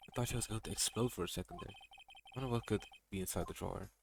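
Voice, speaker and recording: Low-voiced man doing wry game commentary. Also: fast talker, vocal fry, noisy background. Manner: wry, joking asides. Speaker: streamer. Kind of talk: casual let's-play commentary.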